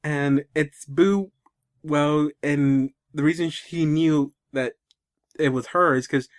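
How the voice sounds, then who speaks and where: A man's voice: on the high side, flat delivery, takes it slowly, clear, resonant tone. A man co-hosting a casual podcast, retelling a story in a rambling way with many restarts. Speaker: podcast co-host.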